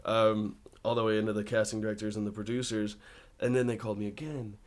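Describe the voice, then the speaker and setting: A man's voice: on the low side, fast talker. Young American male actor, casual guest storyteller, laughs a lot. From United States. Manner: laughs often, relaxed storytelling. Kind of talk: casual interview chat.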